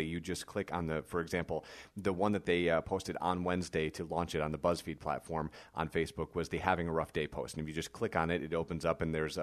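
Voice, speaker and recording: A man with a very low voice hosts a podcast on his own. He is hoarse and his voice is fading. He talks in a loose, conversational way and fills his pauses with "uh". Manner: conversational, frequent "uh" fillers. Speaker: podcast host. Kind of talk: casual podcast monologue.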